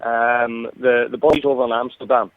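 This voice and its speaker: A man's voice: medium pitch, flat delivery, normal speed, no room sound. A man calling in to a phone-in show, easygoing and matey, swearing casually. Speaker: caller. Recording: tinny dry phone line.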